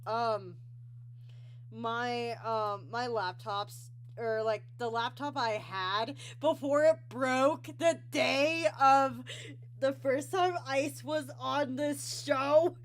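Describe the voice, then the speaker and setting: A woman's voice: sits high, very slow. A young woman hosting a casual online interview, rambling and sidetracked, with lots of ums and restarts. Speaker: interview show host.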